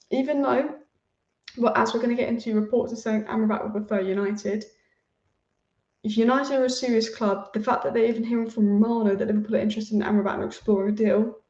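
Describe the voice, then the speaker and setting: Woman football vlogger, rapid and opinionated, warm voice, slightly dull and echoey sound. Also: mid-range voice, far from the mic. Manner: opinionated, rapid, repeats names for emphasis. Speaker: football transfer news host. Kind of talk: casual fan commentary. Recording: roomy, slightly dull home recording.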